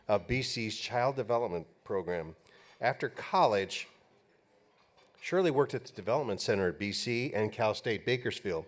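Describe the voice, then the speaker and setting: A man emceeing an awards banquet, joking briefly and then reading an honoree's introduction. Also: lowish voice. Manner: upbeat, lightly joking. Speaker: master of ceremonies. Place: banquet hall.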